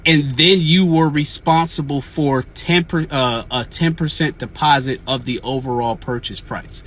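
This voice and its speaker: A man's voice: on the high side, unhurried, fairly bright tone. Frustrated man venting on a livestream. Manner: frustrated, restless, repeats himself. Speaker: real estate investor hosting a weekly Q&A livestream. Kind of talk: casual livestream chat, venting. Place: outdoors in the field.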